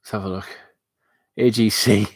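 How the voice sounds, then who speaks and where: Hosting a relaxed live stream, this man from the north of England, his accent a mix of northwest and northeast, reads out the chat and meanders with lots of filler words. He speaks at a moderate pace in a lowish, fairly even voice, on a dry, clean studio recording.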